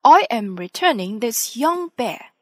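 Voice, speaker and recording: A polite male police officer, played by a woman reading aloud speaks in a courteous, formal way. He is slow and measured, recorded close and dry. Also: on the high side, very animated, fairly bright tone, no room sound, full character voice.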